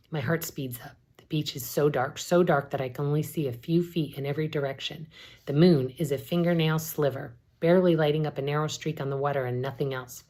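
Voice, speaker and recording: A woman, an English professor, reading a novel aloud in a steady, measured narration. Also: deep voice.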